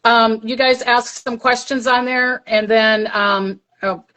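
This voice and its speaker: A woman's voice: on the high side, steady tone, slow, bright, forceful tone, low-quality recording. An older woman, a psychic medium, chatting casually on a livestream and telling a story, acting out the voices she heard.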